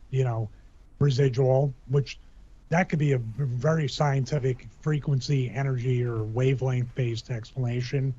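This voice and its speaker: A man's voice: medium pitch, mellow, husky. A man chatting casually on a podcast, rambling and joking with many restarts. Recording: dull lo-fi sound.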